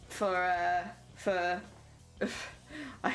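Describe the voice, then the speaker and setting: A woman's voice: on the high side, big pitch swings, moderate pace. A young British woman streaming while she crafts, chatting casually and greeting viewers with sing-song jumps in her voice. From Britain. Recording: faint music behind.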